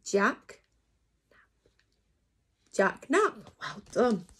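A woman's voice: mid-range voice, very animated, drawn-out words, fairly bright tone, breathy edge. A woman teaching a phonics lesson to young children online, encouraging and sing-song, sounding out letters.

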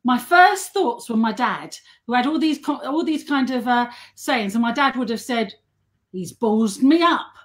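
A middle-aged woman telling self-mocking anecdotes in a casual chat, chatty and quick to laugh. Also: on the high side, expressive. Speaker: guest and model.

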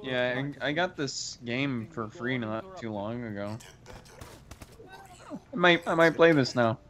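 A man's voice: mid-range voice, unhurried, a bit bright. A man chatting casually about a game, swearing and laughing. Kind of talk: casual reaction commentary.

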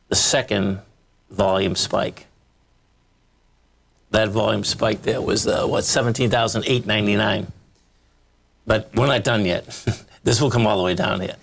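A man's voice: on the low side, vocal fry. A man hosting a live trading show, talking through charts in a rambling, blunt way, full of fillers and repeated "okay, folks". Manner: blunt, emphatic with short laughs. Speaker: market show host.

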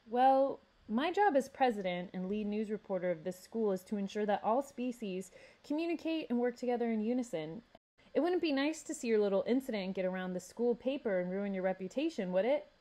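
A woman's voice: medium pitch, lively intonation, brisk, mellow, close to an everyday voice. A woman reading aloud as a confident, charming teenage elk boy who talks in a self-assured way. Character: smooth, confident teen elk boy, school president.

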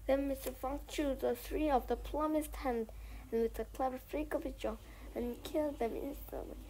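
A woman reading a children's novel aloud in a soft voice that often drops to a near whisper. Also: sits high, fairly even intonation, normal speed, slight background noise, poor audio. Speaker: storybook reader.

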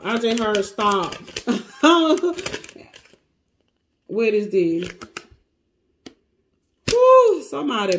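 A high-voiced woman does a casual tarot reading, exclaiming frequently and cutting herself off mid-sentence while she thinks out loud. Distinct clicking sounds play behind her, along with background noise.

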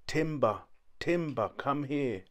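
A man voicing a terrified man lying frozen in bed, in a whispered role-play with a hoarse, straining half whisper and slow, separate words. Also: mid-range voice, voice pushed up, close to an everyday voice. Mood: urgent whisper. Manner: slow, each word spoken separately.

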